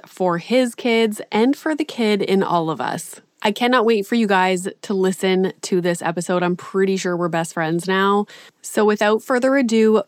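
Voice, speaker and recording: A woman's voice: mid-range voice, no room sound, clean studio sound. A woman hosting a podcast, introducing her guest with gushing enthusiasm before interviewing him. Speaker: podcast host.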